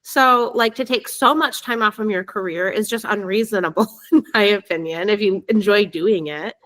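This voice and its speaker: A woman's voice: medium pitch, moderate pace, fairly bright tone. A woman co-hosting a podcast in casual chat, talkative, laughing easily and swearing now and then. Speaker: podcast co-host.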